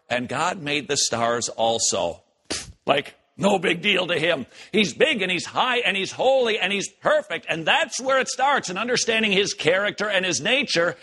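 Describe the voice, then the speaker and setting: High-voiced guy doing commentary on clips, jokey, bright tone, kinda husky. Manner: animated, joking, teasing asides. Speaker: host.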